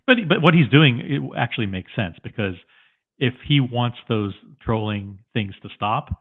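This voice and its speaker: A man's voice: mid-range voice, lively intonation, moderate pace. A man teasing on a casual livestream chat over a remote call, stumbling over his words. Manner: teasing, stumbling restarts, laughs. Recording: tinny phone-like remote call.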